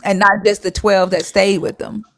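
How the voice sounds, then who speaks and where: A woman's voice: medium pitch, steady tone, normal speed, a bit bright, dry recording. A woman hosting a live stream, bluntly arguing and retelling scripture in casual slang with swearing.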